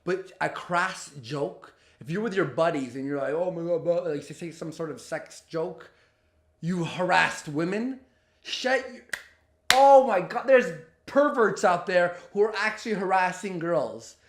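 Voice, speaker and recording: A man with a high voice rants through a reaction commentary, exasperated and profane. He mocks what he hears. The room around him rings with echo. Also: measured pace. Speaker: commentary host. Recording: roomy echo.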